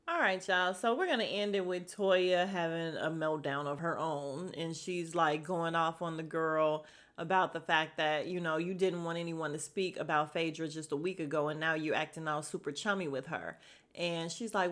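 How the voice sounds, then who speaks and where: A woman's voice: lowish voice, moderate pace. A woman hosting a podcast, recapping a reality show in a casual, gossipy way and acting out what the cast members said. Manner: animated, gossipy, acts out quotes. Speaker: podcast host.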